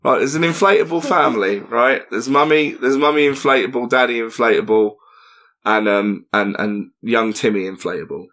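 A man's voice: medium pitch, moderate pace, a bit bright. A man co-hosting a podcast, joking, laughing and swearing freely in casual chat. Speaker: podcast co-host, comedian.

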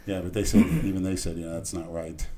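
A man's voice: deep voice, flat delivery, fast, crowd noise. A middle-aged man from Florida telling long rambling stories on a casual podcast, acting out the voices of cops in his tales. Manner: rambling, acts out cops' voices loudly. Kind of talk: casual storytelling chat.

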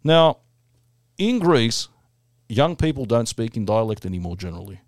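A middle-aged man from Melbourne, co-hosting a casual podcast chat and telling stories with lively quoted voices. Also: medium pitch, normal speed, no room sound, studio quality. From Melbourne, Australia. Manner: animated storyteller, lively put-on voices for quotes. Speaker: podcast co-host.

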